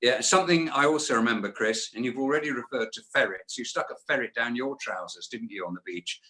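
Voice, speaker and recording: A man's voice: mid-range voice, fast, bright, forceful tone, low-quality recording. A man hosting a chat show, teasing and prompting his guest with questions. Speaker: host. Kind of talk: casual interview.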